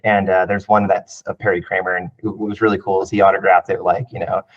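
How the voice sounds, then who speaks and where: This man in his thirties has a low voice with little rise and fall. He speaks in a relaxed, rambling way, as a guest sharing casual stories. The audio is dull and lo-fi. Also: brisk. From California. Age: 30s. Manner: relaxed, rambling with frequent "like" and "you know". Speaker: interview guest. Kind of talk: casual interview storytelling.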